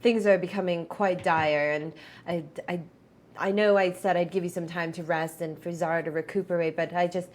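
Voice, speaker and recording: A woman voicing a young male dwarf lord, worn thin by his duties, who stammers and pleads for help in a slightly low voice. He sounds flustered and polite, a tabletop-game figure close to an everyday speaking voice. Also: steady tone, normal speed, darkish tone, lightly acted. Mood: anxious pleading. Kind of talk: tabletop role-play voice.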